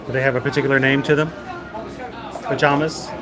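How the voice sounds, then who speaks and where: A male livestream host walks through a theme park, chatting in a meandering way with light jokes amid a busy crowd. His mid-range voice shows little pitch movement, and he speaks briskly.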